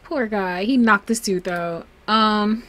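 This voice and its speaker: A woman's voice: mid-range voice, slow, a bit bright. A woman hosting a casual let's play, chatting through the game and talking fondly to her characters. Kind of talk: casual gameplay commentary.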